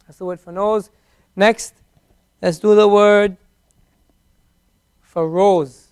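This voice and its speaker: A man teaching a beginners' class in a classroom, patiently repeating each word slowly for his students. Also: high voice, smooth. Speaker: Arabic teacher. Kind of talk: classroom language lesson.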